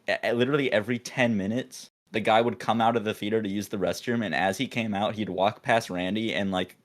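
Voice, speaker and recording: A young man, a podcast co-host, telling a work story in a rambling, animated way, full of restarts and acted-out quotes. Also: lowish voice. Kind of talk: casual storytelling chat.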